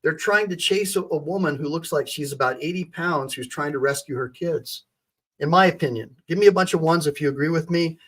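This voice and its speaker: Man, attorney livestream host, somewhat high pitch, emphatic, indignant commentary, addresses chat. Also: fairly quick, fairly bright tone.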